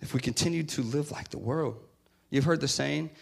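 A man's voice: on the high side, normal speed, gravelly, husky. A man preaching a sermon in a conversational way, often acting out the voices of the people he describes. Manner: conversational, acts out quoted voices, swings loud to soft.

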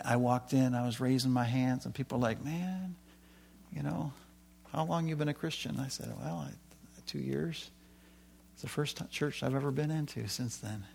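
A middle-aged man giving a sermon with a personal testimony, telling his story with animated swings from loud excitement to quiet asides. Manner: animated storytelling, rising loud when excited, dropping low for quoted asides. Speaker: preacher.

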